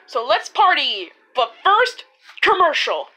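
A woman doing playful homemade puppet-show narration, excitedly exclaiming as a preschool teacher. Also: sits high, takes it slowly, slight background noise.

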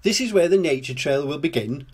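An older man voicing a kind, patient adult woman builder in a children's storybook, explaining things gently. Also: fairly high pitch, animated, brisk, husky.

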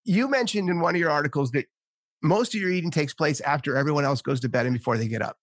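A man's voice: fairly high pitch, fast, dry recording, studio quality. A man hosting a podcast in casual chat, telling stories with animation and laughing often. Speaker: podcast host.

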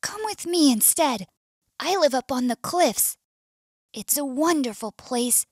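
Woman doing a sweet high little bird boy. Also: expressive, measured pace, no room sound, studio quality. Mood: tender. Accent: US English. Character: cheerful loving male bird.

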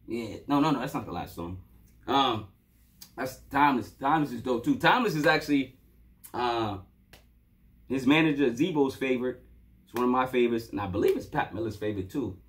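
A man's voice: mid-range voice, a little fast. A man giving a loose, casual spoken review of a hip-hop mixtape, full of playful asides and "you know what I'm saying," talking from home at his computer.

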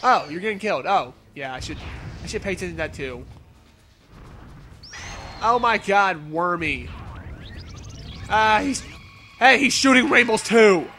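A man giving excitable, playful gameplay commentary, yelling and teasing as he plays. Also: high voice, unhurried, long pauses, soft background music. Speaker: let's play commentator.

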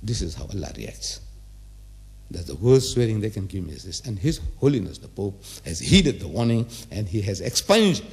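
A man's voice: lowish voice, very animated, moderate pace, creaky, a little mellow. A man in his seventies giving a religious lecture to a live audience, emphatic, repeating phrases and firing rhetorical questions at the listeners. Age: 70s.

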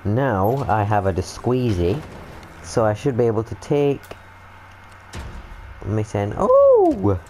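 A young British man commentating on his gameplay in a lowish voice, excitable and full of swearing and jokes. He jumps from mutters to yelps as the game goes wrong, with faint background noise behind him. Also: takes it slowly, pauses often, rough recording. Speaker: gaming video host. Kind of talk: let's-play commentary.

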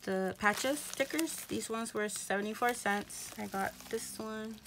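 A woman's voice: fairly high pitch, measured pace. A woman vlogger losing her voice, casually showing craft items and prices with many fillers, a child singing behind her. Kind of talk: casual haul show-and-tell. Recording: loud background noise. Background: child singing in the background.

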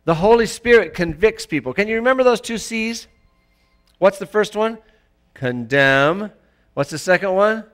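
A man preaching a sermon in a church, emphatic and rising to loud exclamations. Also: high-pitched, moderate pace, faint music behind. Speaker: pastor.

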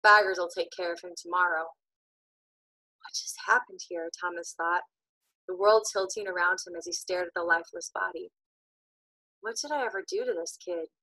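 Bright, dramatic woman narrator. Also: on the low side, no echo, poor audio. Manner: dramatic, shifting between loud tension and hushed suspense. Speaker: audiobook narrator. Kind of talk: expressive audiobook narration.

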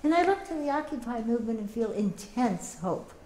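A middle-aged woman giving a teach-in as an activist, telling lively anecdotes and acting out the voices of people she quotes. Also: a little high, a little fast. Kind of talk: public talk with storytelling. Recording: echoey room, faint background noise.

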